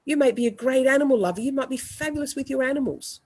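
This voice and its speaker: A woman, an EFT practitioner, leading a guided group tapping session with slow, repeated affirmations and coaching participants by name. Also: high-pitched, darkish tone, slightly rough.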